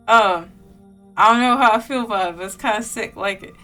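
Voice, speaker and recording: A woman's voice: mid-range voice, fast, bright, forceful tone, faint music behind. A woman streamer reading a story game's narration aloud, breaking off into chatty reactions. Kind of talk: reading a visual novel aloud with casual asides.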